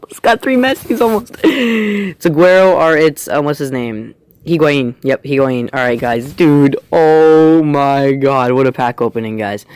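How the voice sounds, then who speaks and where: A young man commentating a game pack opening, jumping from quiet mumbling to loud, high yelling. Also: clean tone, no room sound. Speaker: gaming YouTuber.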